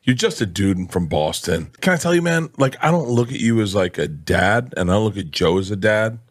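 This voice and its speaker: A low-voiced man in a casual podcast chat stammers and restarts his sentences. His pitch jumps around a lot. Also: expressive, brisk. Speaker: podcast guest.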